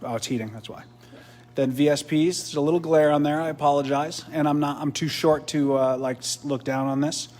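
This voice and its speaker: A man's voice: fairly high pitch, steady tone, brisk, a little mellow. A man hosting a live product demo beside a swim spa, chatty, explaining as he goes with restarts. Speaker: host and triathlon coach.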